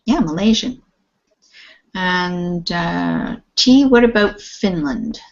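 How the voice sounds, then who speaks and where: Slow, patient woman teacher on a call. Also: fairly low pitch, lively intonation, gravelly. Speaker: English teacher. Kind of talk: online class teaching. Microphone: video call. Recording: muffled lo-fi video call audio.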